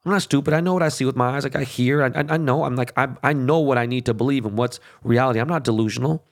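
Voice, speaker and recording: A man's voice: medium pitch, very fast. A middle-aged man hosting a show, ranting in a heated, profane casual monologue full of fillers and restarts. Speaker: show host.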